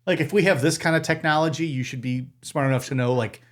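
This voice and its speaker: A man co-hosting a casual podcast, swearing freely and acting out quotes in high voices. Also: quick pace. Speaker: podcast co-host. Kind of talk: casual chat.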